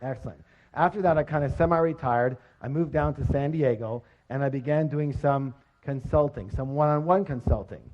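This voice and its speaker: Energetic and full of jokes, a middle-aged man runs a live motivational seminar and keeps quizzing the audience. His mid-range voice moves at normal speed, captured on a dull lo-fi recording.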